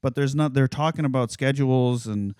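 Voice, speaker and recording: Wry, deadpan male podcast co-host. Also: medium pitch, brisk, clean tone, no room sound, studio quality. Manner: wry, deadpan jokes, often laughing. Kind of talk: casual book-review chat.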